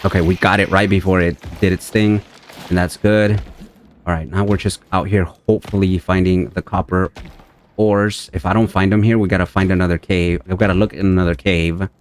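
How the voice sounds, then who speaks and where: A deep-voiced young man chatting his way through a survival game. He talks to his viewers and his in-game horse and breaks into excitable outbursts when enemies show up. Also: fairly quick, a little hiss or hum. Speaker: gameplay streamer. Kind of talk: casual let's-play commentary.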